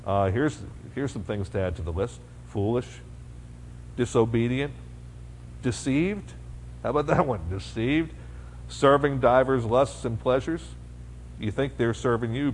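A man of ordinary pitch preaching a sermon in an easy, conversational way. He keeps asking the congregation rhetorical questions and acts out their doubts before he answers them. His voice carries a long hall reverb over a faint hum. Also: darkish tone.

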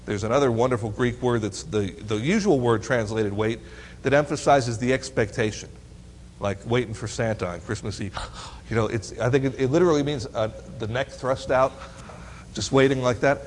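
A man's voice: mid-range voice, normal speed, a little hiss or hum. A man teaching a Bible lesson to teens, reading verses aloud and quizzing his listeners with playful questions. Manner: asks the audience questions, teasing and lively. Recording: long hall reverb.

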